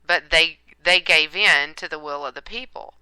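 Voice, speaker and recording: A woman hosting a political talk show, leading the conversation briskly and setting up clips. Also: low voice, sharp tone, clean tone, dry recording, rough recording.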